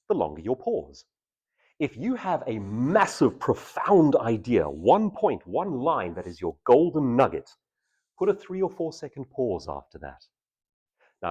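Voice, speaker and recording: Man, husky voice, hugely lively pitch, public speaking coach, live workshop in a room. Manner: animated, shifting between intense and casual delivery. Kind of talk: live workshop talk to an audience.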